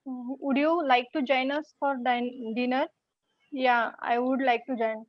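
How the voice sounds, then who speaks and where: A female student reciting a family dinner dialogue in class, with hesitant pauses. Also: sits high, fairly even intonation, no echo. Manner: hesitant, halting. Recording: dull dry call audio.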